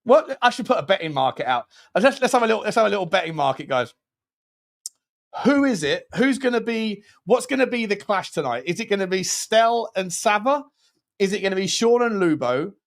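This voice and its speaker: A man hosts a casual football livestream. He talks in a rambling, joking way and keeps restarting his sentences. His voice sits somewhat higher than most men's. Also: big pitch swings, brisk, creaky. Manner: rambling and jokey, lots of restarts. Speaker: football channel host.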